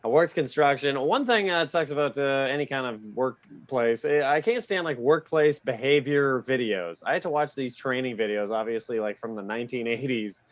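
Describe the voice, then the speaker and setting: A man's voice: mid-range voice, moderate pace, few pauses, no echo, muffled recording. A man doing a stand-up comedy set on a club stage, self-deprecating and laughing at his own jokes. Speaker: stand-up comic.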